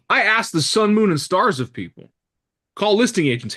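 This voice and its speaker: A man leads a real estate training session in front of a live group. He speaks in a lively, blunt way, acts out the voices of customers and staff, and slips crude jokes in between. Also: high-pitched, moderate pace, breathy edge. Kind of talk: live training talk to a room.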